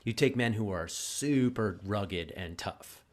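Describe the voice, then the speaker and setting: A man hosting a podcast conversation, speaking reflectively and haltingly, often repeating words as he gathers his thoughts. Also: on the low side, animated. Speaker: podcast host. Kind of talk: casual conversation.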